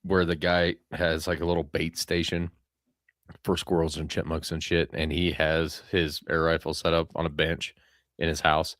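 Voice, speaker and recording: Man, co-host, casual chat, very low voice, loose, swears freely, dry sound. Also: little pitch movement, moderate pace, a bit bright, no echo. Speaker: podcast co-host.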